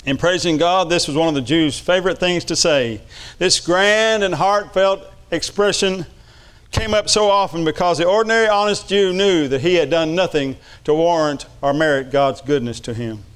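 A man's voice: on the high side, moderate pace, a bit bright, clear, resonant tone. Fervent preacher man. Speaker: pastor. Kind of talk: sermon.

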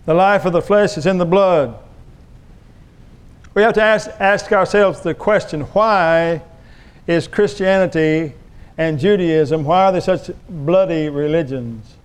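A male pastor delivering a sermon in an emphatic, preachy manner, pressing his congregation to respond. His voice sits somewhat high and sounds smooth and resonant. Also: measured pace.

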